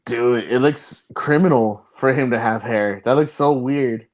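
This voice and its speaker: A man's voice: mid-range voice, a little slow, slight background noise. Swearing, bantering podcast co-host man. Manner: loose, swears casually, banters. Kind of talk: casual chat.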